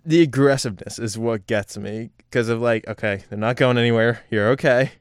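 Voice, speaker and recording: Podcast co-host: young guy, clear smooth voice, joking and cussing, dry room. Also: mid-range voice, a little fast, no room sound. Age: 20s. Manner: animated, joking, profane. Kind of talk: casual chat.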